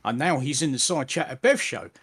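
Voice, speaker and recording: A man's voice: mid-range voice, animated, a little fast, fairly bright tone, breathy edge. A man, a guest in a casual chat, amused and stammering through restarts.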